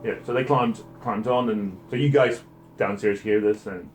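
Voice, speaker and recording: A man's voice: fairly low pitch, normal speed, soft background music. Hesitant man game master. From South Africa. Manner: casual, filler-heavy, hesitant. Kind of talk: narrating a tabletop game.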